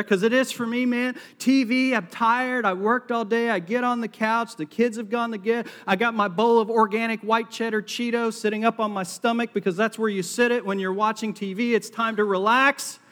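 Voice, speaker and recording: A middle-aged man with a Southern US accent preaches with a light, high-pitched voice. He keeps things conversational and self-deprecating, with jokes woven into the sermon. The sound rings with the long reverb of a large auditorium. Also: a bit bright. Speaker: pastor.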